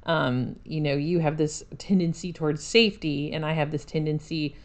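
A woman in her thirties co-hosts a podcast, chatting casually at normal speed in a voice low for a woman. She's chatty and self-deprecating, tossing in sarcastic asides.

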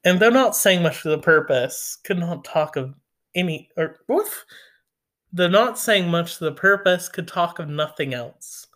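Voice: medium pitch, expressive, unhurried, fairly bright tone. A reader narrating a classic novel aloud and breaking off for sardonic, casual jokes. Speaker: audiobook reader. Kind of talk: reading a classic novel with joking asides.

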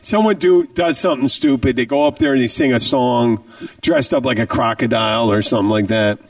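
A man chatting casually on a podcast, his pitch jumping around a lot. He sounds a little set back from the mic in a dry room, and he talks with emphasis, repeating himself. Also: a little fast, creaky, no echo, distant mic. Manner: animated, emphatic, repeats words. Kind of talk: casual chat.

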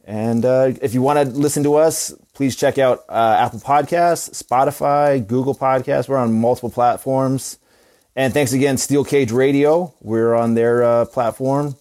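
A man's voice: medium pitch, fairly even intonation, normal speed, darkish tone. A man hosting a podcast, thanking a guest and reading the outro in an easygoing way. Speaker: podcast host.

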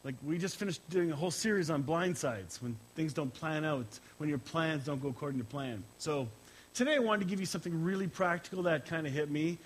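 Emotional, halting middle-aged man preaching. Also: a little high, a little hiss or hum, low-quality recording. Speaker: pastor. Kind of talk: conversational sermon with opening prayer. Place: church service, streamed live.

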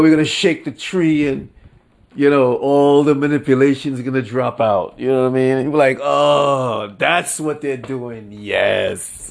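Slow-talking exasperated male podcast host. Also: vocal fry, a little mellow. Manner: slangy, exasperated, slow and drawn out with sudden high-pitched mock outbursts. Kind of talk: casual solo podcast commentary.

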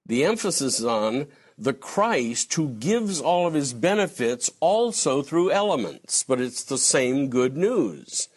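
Animated male theology lecturer. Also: medium pitch, a little slow, few pauses, breathy edge. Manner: digressive, animated, breaks into acted quotes. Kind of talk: conversational lecture answering a question.

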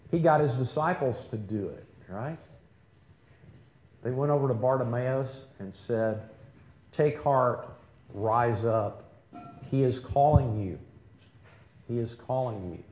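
A man's voice: mid-range voice, warm tone, slight background noise. A man preaching a sermon in a conversational way, often asking the congregation questions. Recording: echoey room with faint ambience.

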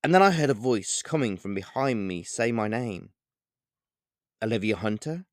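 A man reading his own novel aloud as an audiobook, narrating in the first person at a measured pace and with explanatory asides. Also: medium pitch, expressive, no room sound, clean studio sound. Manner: measured, explanatory storytelling with digressions.

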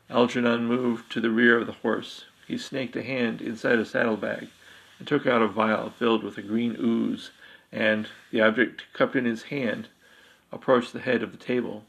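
A man reads a dark fantasy story aloud in an even, level tone with a gravelly edge. His delivery stays steady and unhurried. Now and then he trips over a word and corrects himself. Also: mid-range voice. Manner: steady, with slips and self-corrections. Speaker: narrator.

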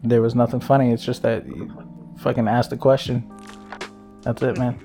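A man's voice: mid-range voice, fairly even intonation, normal speed, creaky, dark tone, faint music behind. A young man in casual chat, dry and needling, swearing as he ribs his friends.

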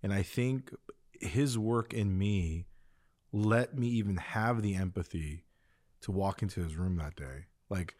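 Man, co-host, low pitch, earnest, halting, personal, casual faith talk. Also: a little mellow. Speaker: podcast co-host.

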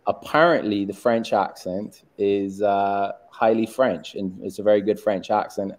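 A middle-aged man with a Barbadian accent that leans toward a British-American mix, answering interview questions in a measured, reflective way. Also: on the low side. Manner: measured and reflective, with frequent ums. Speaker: guest, tech entrepreneur. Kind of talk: interview conversation.

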